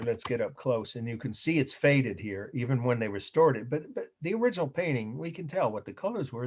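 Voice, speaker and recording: A middle-aged man delivers an art history lecture at an ordinary pitch. He wanders through his points, stops to correct himself, and lets out small chuckles along the way. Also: a little mellow, slightly rough. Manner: rambling, self-correcting, chuckles often. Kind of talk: recorded lecture.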